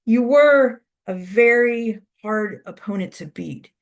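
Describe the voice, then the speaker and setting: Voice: mid-range voice, expressive, slow pace, voice pushed up. A storyteller voicing a confident young male warrior in a spoken folk tale, in a plain, earnest, polite way.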